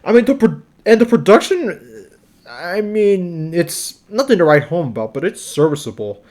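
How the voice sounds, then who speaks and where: A man's voice: high voice, big pitch swings, normal speed, a little mellow. A young man giving a casual album review, exasperated and rambling, full of restarts and swearing.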